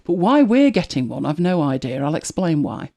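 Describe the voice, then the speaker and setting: Here a low, creaky, warm female voice swings widely in pitch while moving at a normal speed. She's a Manchester-born podcast host with an English accent, chatting live and telling wry everyday stories punctuated by laughter.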